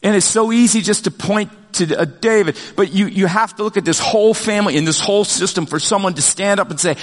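An older man preaching a sermon as pastor, talking in a conversational, animated way with many fillers and restarts. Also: high voice, brisk, few pauses, big-room sound.

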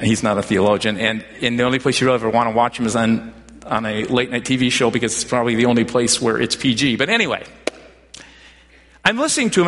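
A pastor with a medium-pitched, slightly bright voice delivers a sermon, his words trailed by a long reverb. He tells stories conversationally, repeatedly starting his phrases over.

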